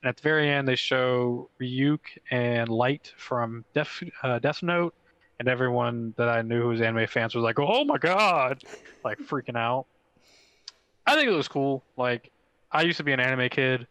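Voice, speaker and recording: A man co-hosting a gaming podcast in casual chat, excitable and rambling with lots of filler words. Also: medium pitch, normal speed, clear, resonant tone, no room sound, rough recording. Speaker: podcast co-host.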